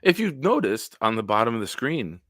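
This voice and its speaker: A man hosting a casual solo livestream, telling stories in a rambling, animated way with big swings in loudness. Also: mid-range voice, moderate pace, no room sound, studio quality. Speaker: livestream host.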